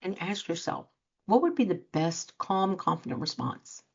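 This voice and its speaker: A woman's voice: fairly low pitch, animated, moderate pace, creaky, darkish tone, husky. A woman life coach giving an earnest motivational talk to listeners, acting out quoted reactions as she speaks. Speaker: life coach and show host. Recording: dull lo-fi sound.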